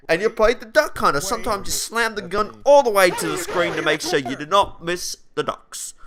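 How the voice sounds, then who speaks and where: A man's voice: sits high, sharp tone. A young man giving casual, brash and crude game commentary, ranting and mocking other players. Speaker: gameplay commentator.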